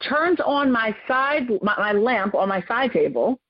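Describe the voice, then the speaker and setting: A woman in her forties, appearing as a podcast guest, tells a personal story with animated expression, her pitch leaping up whenever she acts out quotes. She speaks at a measured pace with no echo, captured on a dull lo-fi recording.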